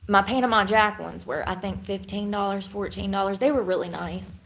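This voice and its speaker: A woman's voice: mid-range voice, a little fast, fairly bright tone. A woman chatting casually with her livestream viewers in a blunt, rambling, slangy way.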